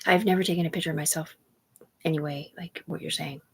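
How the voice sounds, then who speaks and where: A woman's voice: low voice, fairly even intonation, fast talker, vocal fry, slightly rough. A woman livestreamer rambling on a live stream, jumping between topics and talking to her viewers. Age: adult. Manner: rambling, jumps between topics, talks to chat.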